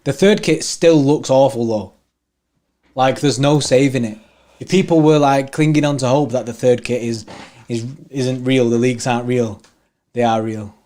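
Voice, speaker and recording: A young man, talking at an ordinary mid pitch. He is chatty and easygoing, reads out comments from viewers and laughs readily. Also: fairly even intonation, moderate pace, mellow. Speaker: watchalong co-host. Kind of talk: casual live-stream chat.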